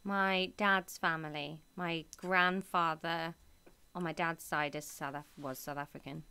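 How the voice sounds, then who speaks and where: A woman's voice: deep voice, steady tone, measured pace, bright, forceful tone, clear, resonant tone. A woman in her thirties co-hosting a podcast, trading playful, teasing banter in casual chat. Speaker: podcast co-host.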